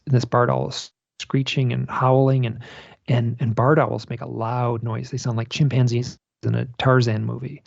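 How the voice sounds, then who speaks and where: Gravelly, husky man telling rambling stories. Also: mid-range voice, no echo, highs cut off. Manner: rambling, animated storyteller with many restarts. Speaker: guest author and researcher. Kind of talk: casual storytelling interview.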